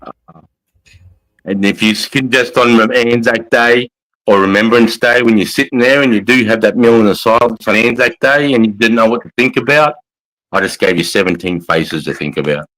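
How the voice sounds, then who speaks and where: A man's voice: medium pitch, moderate pace, a bit bright, rough recording. A middle-aged Australian man, an army veteran, hosting a casual livestream, blunt and swearing freely as he chats and reads out comments. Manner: blunt, heavy swearing, matey.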